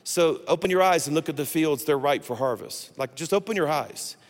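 A man in his sixties preaching a sermon in a church, telling funny stories with lively energy. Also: fairly high pitch, fairly quick. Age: 60s. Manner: animated storytelling with humor. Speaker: guest pastor. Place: church sanctuary. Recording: long hall reverb.

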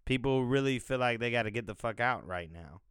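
A man's voice: medium pitch, animated, fairly quick, a bit bright, clean tone, no echo, clean studio sound. A man hosting a podcast, talking in a loose, profane, rambling way as he thinks aloud. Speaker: podcast host. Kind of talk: casual rambling commentary.

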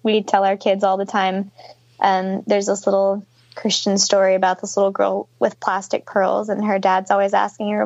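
A woman in her twenties who fosters and adopts children talks earnestly and chattily in a video-call interview, using many fillers like "like" and "kinda." Her mid-range voice is monotone, creaky and a little mellow at normal speed, recorded without echo but with the highs cut off.

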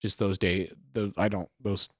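A man co-hosting a podcast in casual chat, rambling with lots of "like" fillers and slipping into quick impressions. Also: low-pitched, no room sound, studio quality. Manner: rambling, many "like" fillers, animated impressions of characters. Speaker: podcast co-host.

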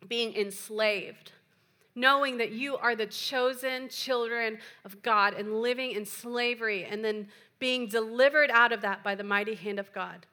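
Bright-voiced woman pastor preaching. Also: a little high. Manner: playful, chatty asides with laughter. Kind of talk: sermon. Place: church.

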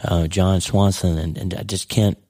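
A middle-aged man hosts his podcast with a hoarse, worn-out voice that crackles with gravel. He talks earnestly and rambles, often restarting his sentences. His tone is low and dark, and the recording is dry and close. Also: fairly even intonation, moderate pace, no echo. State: hoarse, lost voice. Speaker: podcast host. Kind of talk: casual podcast monologue.

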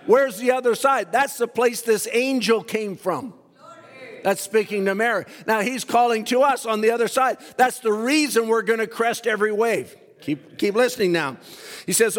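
Male preacher, high voice, fervent, shouts and stretches lines, church reverb. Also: normal speed. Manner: fervent, shouting and drawing out phrases. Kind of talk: sermon. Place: church sanctuary.

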